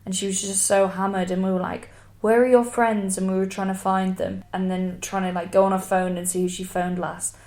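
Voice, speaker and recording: Woman, comedian, podcast co-host, casual chat, lively anecdote teller. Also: mid-range voice, a little fast, hardly any pauses. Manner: chatty storyteller who acts out voices in anecdotes. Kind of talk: casual comic chat about true crime.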